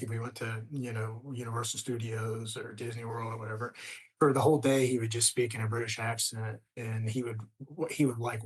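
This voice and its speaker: A middle-aged man, a screenwriter chatting as an interview guest, rambling with many restarts and trailing off softly. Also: medium pitch. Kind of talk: casual interview conversation.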